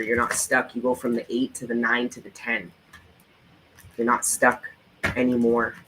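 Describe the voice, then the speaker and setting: A man's voice: medium pitch, pushed and bright, slight background noise, low-quality recording. Fervent, cursing male tarot reader. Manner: emphatic, profane motivational talk; repetitive, fervent encouragement. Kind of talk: tarot reading vlog.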